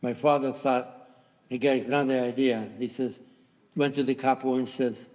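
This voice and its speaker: A man in his nineties giving personal testimony to a large theatre audience, speaking haltingly with restarts and raising his voice when quoting others. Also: medium pitch, flat delivery. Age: 90s. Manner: halting, with restarts, voicing quoted dialogue louder. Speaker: Holocaust survivor giving testimony. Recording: long theatre reverb.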